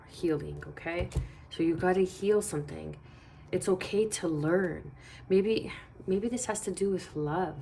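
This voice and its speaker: Low-pitched female tarot reader, meandering and reassuring, faint hiss under the voice. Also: a little mellow. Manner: meandering, reassuring, thinks aloud. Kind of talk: casual tarot reading.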